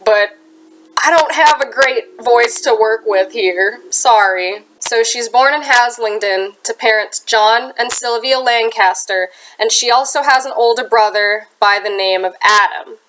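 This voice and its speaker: A woman's voice: a little high, a little slow, fairly bright tone, a little hiss or hum, poor audio. A young woman with a Midwestern accent and a stuffy, sinus-clogged voice, hosting a true crime channel and telling the story in an earnest, chatty way with casual asides. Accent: American Midwestern. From United States. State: congested from a sinus infection. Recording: harsh, clipping home recording.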